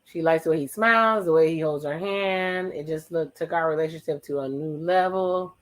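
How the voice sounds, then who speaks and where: A watch-along host of medium pitch riffs on a reality dating show, retelling each participant's words in quick asides and tossing in teasing remarks. The tone is playful and conversational, alternating flat summaries with sudden loud jokes, all on a rough recording.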